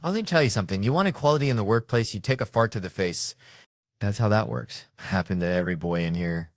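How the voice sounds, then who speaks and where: A man's voice: fairly low pitch, animated, fast, dry recording, clean studio sound. A middle-aged man telling crude parenting stories in a stand-up routine, acting out his kids' lines. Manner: brash, profane storytelling with acted-out quotes. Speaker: stand-up comedian.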